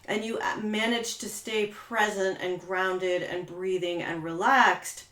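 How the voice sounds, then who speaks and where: A woman trauma therapist speaks casually to camera, rambling a little with frequent fillers. Her voice sits at a middle pitch, and the room around her rings with noticeable echo. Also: steady tone, slow, a bit bright. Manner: conversational, many "you know" fillers, acts out quoted voices. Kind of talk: talking-head coaching video. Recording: roomy echo.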